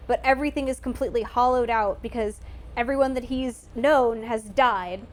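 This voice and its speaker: A woman co-hosting a casual movie chat podcast, talking emotionally in halting bursts with many restarts and some swearing. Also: a little high. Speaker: podcast co-host.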